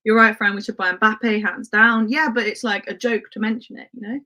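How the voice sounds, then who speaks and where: A woman's voice: medium pitch, fairly even intonation, a little fast, sharp tone. A woman who grew up in Spain hosts a casual livestream, reading viewer comments in a chatty way and laughing often, with lots of "um" and "like". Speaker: livestream host.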